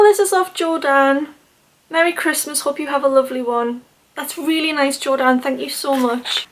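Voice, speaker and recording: A young woman, chatting casually in a vlog, gushing and excitable with lots of "like" fillers. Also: fairly high pitch. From United Kingdom. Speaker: book vlogger.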